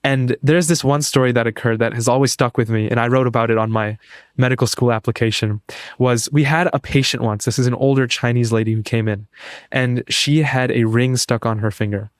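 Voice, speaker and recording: A man's voice: mid-range voice, steady tone, a little fast, smooth, no room sound, studio quality. A young man, a pre-med student, telling an earnest story as a podcast guest. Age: young adult. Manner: earnest, eager, restarts phrases. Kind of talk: casual interview storytelling.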